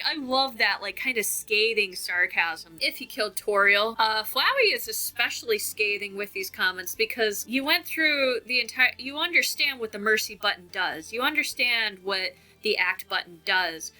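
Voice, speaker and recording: A young woman giving a casual, animated video essay analysis and drawing out key words as she talks. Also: fairly high pitch, moderate pace, few pauses, low-quality recording.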